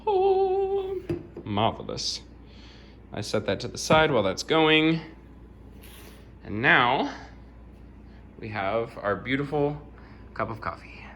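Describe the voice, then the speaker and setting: A man's voice: mid-range voice, lively intonation, takes it slowly, long pauses, pushed and bright, slight background noise. A young man chatting casually while making coffee in his home kitchen, bubbly and self-mocking, laughing often. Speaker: vlogger.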